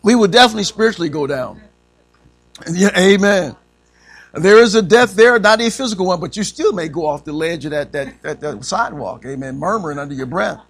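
A man's voice: high-pitched, expressive, fairly quick. A man teaching a church Bible class, quizzing the group and saying amen after nearly every point, with frequent chuckles. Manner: says amen constantly, asks the class questions; chuckles often.

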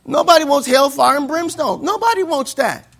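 Preacher, male, high and bright, call-and-response delivery. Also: moderate pace, vocal fry. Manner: swings from loud declaiming to quiet asides. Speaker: pastor. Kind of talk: sermon.

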